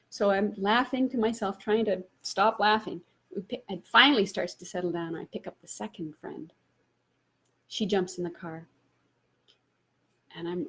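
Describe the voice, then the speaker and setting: A woman's voice: medium pitch, normal speed, long pauses, breathy edge. A woman, a spiritual teacher, telling a personal story and laughing often as she retells it.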